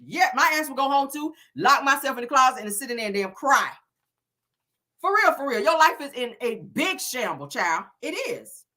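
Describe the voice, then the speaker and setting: A woman's voice: sits high, lively intonation, moderate pace, pushed and bright. A woman recapping a reality show in casual commentary, sassy and blunt, cussing freely.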